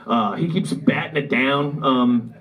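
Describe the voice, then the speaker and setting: A man in a comedy club tells rambling, self-deprecating stories to a live audience in a Midwest American accent, his mid-range voice fairly bright and a little slow. The live club recording has poor audio, with audience laughter in the background.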